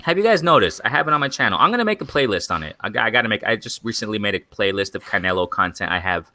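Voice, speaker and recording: A young man talks boxing on a live stream, circling back and repeating himself while calling out to his viewers. His voice sits a little low but has a forceful, bright edge. The sound is dry and close, with no room around it. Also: expressive, rapid-fire, dry recording. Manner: rambling, repetitive, addresses viewers as guys. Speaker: boxing channel host. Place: in Mexico.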